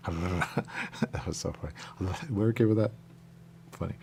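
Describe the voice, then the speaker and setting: A man's voice: low voice, moderate pace, creaky, darkish tone, slight background noise. A man hosting a radio show in loose, rambling on-air chat, drifting between thoughts and repeating stock phrases.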